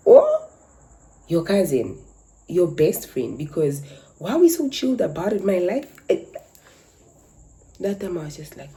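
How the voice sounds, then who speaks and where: Young woman, low mellow voice with a very lively pitch, for a dramatic casual storytime. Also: normal speed, poor audio. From Namibia. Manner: animated, dramatic retelling. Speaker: content creator.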